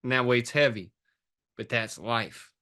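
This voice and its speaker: A man's voice: medium pitch, unhurried, pushed and bright. A man who coaches fitness and life, talking intensely and emotionally in a podcast conversation, with blunt street phrasing and the odd swear word.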